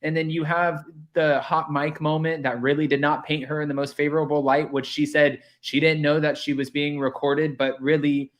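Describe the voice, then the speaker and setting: A man's voice: a little high, a bit bright. A man chatting as a guest, sharing reasoned opinions on a reality show. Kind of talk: casual chat.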